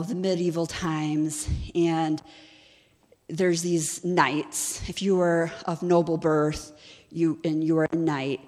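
In a big-room sound, a woman with a low-sitting, somewhat dark voice teaches as a ministry executive director. Her sermon-style delivery is conversational and full of stories, and she often asks her audience questions.

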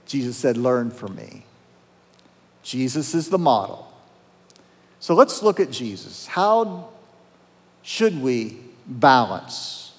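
A man's voice: medium pitch, a little mellow. A man, a pastor, preaching a sermon in a conversational, humorous way with dramatic quotes. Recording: reverberant church hall.

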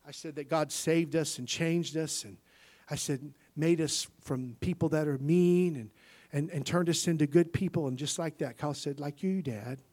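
A male pastor giving a sermon, moving from quiet personal stories to loud, impassioned preaching. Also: on the high side, fairly even intonation, normal speed. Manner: impassioned preaching that swings from quiet storytelling to shouting.

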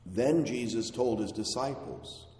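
A man preaching a sermon in a slow, deliberate way, with emphatic rises and drops. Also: medium pitch, a little mellow. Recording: echoey hall with long reverb.

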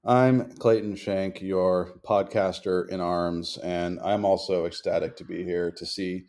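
A man with a low, dark, mellow voice co-hosts a podcast over a remote call from a hotel room. He talks in long, articulate, deliberate sentences in a relaxed chat. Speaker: podcast co-host. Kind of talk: casual chat. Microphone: remote call recording.

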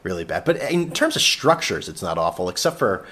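Sarcastic, rambling man with a low voice. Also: very animated, brisk, sharp tone. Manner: rambling, sarcastic, profane, jokingly addressing an absent co-host. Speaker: podcast host. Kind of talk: casual solo podcast rant. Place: vacation rental with no internet.

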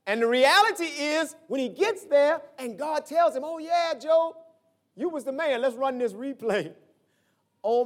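A man preaching a sermon as pastor, telling stories and acting out the voices in them, swinging from shouts to low asides.

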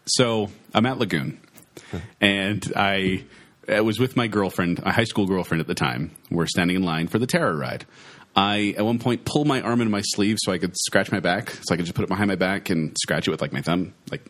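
A man in his thirties co-hosting a casual chat, telling stories with loud acted-out quotes. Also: deep voice, a little fast. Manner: animated storyteller, acts out quotes loudly. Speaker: podcast co-host. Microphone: studio microphone.

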